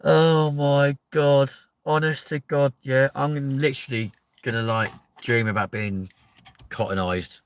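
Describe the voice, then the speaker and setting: A man, hosting a live chat show with loud, sweary, joking banter. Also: mid-range voice, little pitch movement, measured pace, no room sound. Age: 30s.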